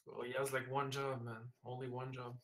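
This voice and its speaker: A man's voice: mid-range voice, moderate pace, crowd noise. A young man chatting casually over a headset while raiding in an online game, laid-back and dry. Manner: flat, laid-back, says "man" a lot. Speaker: raid streamer. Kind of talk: casual gaming voice chat.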